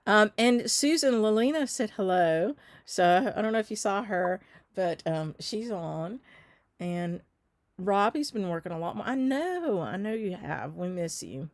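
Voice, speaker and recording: Using a mid-range, expressive voice at a measured pace, this Southern American shop owner runs a relaxed live stitch stream. She chats, responds to viewer comments and says um a lot. The recording is dry.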